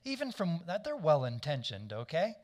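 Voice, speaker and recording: A man's voice: fairly high pitch, wildly swooping pitch, moderate pace. A man preaching a sermon in a conversational way, often asking the congregation to agree and correcting himself as he goes. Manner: frequent restarts and self-corrections. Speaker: pastor.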